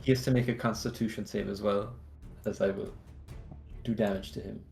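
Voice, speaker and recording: A player in a tabletop game, animated and quick to laugh. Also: mid-range voice, creaky, faint music behind.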